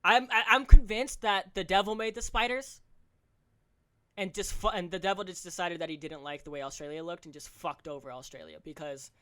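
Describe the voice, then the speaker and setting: A young man hosting a solo podcast, ranting fast and profanely, tripping over his words with stammers and restarts. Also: high voice, pushed and bright. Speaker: podcast host.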